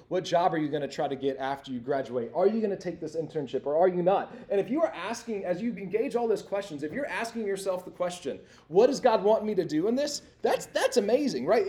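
A man's voice: high voice, warm tone. A young man giving a conversational, interactive sermon to students, asking them questions and filling with "like" and "right?". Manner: conversational, asks the audience questions, lots of "like" and "right?". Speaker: campus minister.

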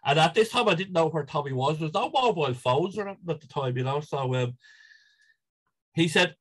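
A man's voice: fairly high pitch, a little fast, fairly bright tone, low-quality recording. A middle-aged Irish man telling stories in casual chat, rambling with many restarts and chuckles. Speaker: guest, football supporter. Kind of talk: casual storytelling.

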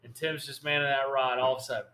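A man hosting a podcast, telling a long fishing story in an animated, rambling way. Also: mid-range voice, fast, background noise. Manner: animated, rambling storyteller who acts out quotes. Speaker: podcast host. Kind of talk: casual storytelling chat. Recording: echoey room.

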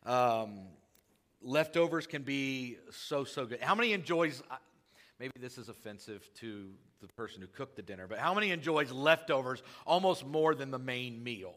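A male pastor preaching a sermon in a church, talking to the congregation in casual asides and rising loud when he quotes scripture. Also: medium pitch, normal speed.

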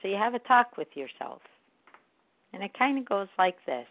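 Earnest self-help talker, mid pitch, reflective monologue, sounds like a phone line, totally dry. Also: sing-song, moderate pace, pauses often, no room sound. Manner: earnest, talks through steps of an apology. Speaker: podcast speaker on forgiveness.

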